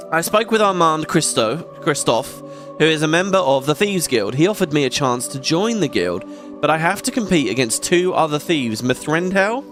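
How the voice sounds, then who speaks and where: A man giving casual gameplay commentary as a let's play host, chatty and excitable, swearing often. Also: a little high. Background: game music.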